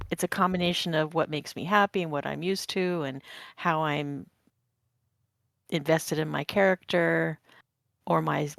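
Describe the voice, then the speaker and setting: A woman's voice: deep voice, gravelly, no room sound, clean studio sound. A woman co-hosting a gaming podcast in casual chat, thinking aloud and searching for words. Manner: thoughtful, halting, searches for words. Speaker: podcast co-host.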